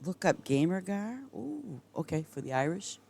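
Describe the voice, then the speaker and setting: A woman's voice: lowish voice, sing-song, normal speed, creaky, dark tone. A middle-aged woman streaming a game and chatting casually with her viewers, rambling and often breaking into giggles. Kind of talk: casual chat with viewers while gaming.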